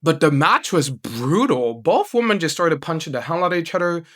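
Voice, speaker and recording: A man giving an excited, rambling wrestling review, full of "like" and restarts. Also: a little high, normal speed. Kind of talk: casual show review.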